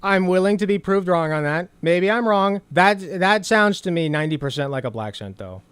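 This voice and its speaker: A male commentator reacting to a clip with sarcasm and plenty of profanity. His voice sits high and jumps around a lot. The sound is close and dry, with no room around it. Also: lively intonation, moderate pace, fairly bright tone, clean tone, dry recording. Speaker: host.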